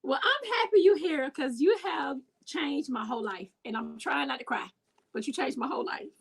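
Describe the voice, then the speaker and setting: A woman's voice: high-pitched, lively intonation, normal speed, creaky, low-quality recording. A woman hosting a talk show over a video call, bubbly and effusive, talking straight to her listeners. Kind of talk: enthusiastic video-call interview.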